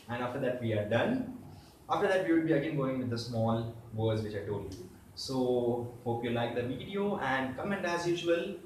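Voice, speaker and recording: A man teaching a step-by-step language lesson, patiently repeating each sound slowly so it can be drilled. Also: on the high side, a little mellow, a little hiss or hum. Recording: very echoey room, voice far from the mic.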